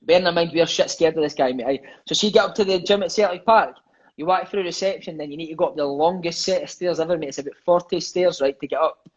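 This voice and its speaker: Fast-talking Scottish man, husky and lo-fi. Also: a little high. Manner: lively, swears freely, peppers speech with "mate" and "eh". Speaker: guest, former footballer. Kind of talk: casual storytelling chat.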